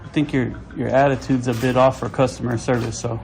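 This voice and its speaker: A man's voice: mid-range voice, level tone, fast, vocal fry, darkish tone, a little hiss or hum, low-quality recording. A man talking to his own camera, indignant and complaining as he films a dispute. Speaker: video-recording visitor. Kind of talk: self-narrated confrontation vlog.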